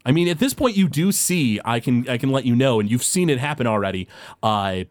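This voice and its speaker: Lively rambling game master man. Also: medium pitch, fairly quick, no room sound, clean studio sound. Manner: rambling, full of fillers and restarts. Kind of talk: narrating a tabletop game.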